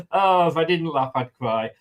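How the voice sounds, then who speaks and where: A man co-hosting a fan live stream, chatting casually and reading out viewer comments. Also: fairly high pitch. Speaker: fan channel co-host.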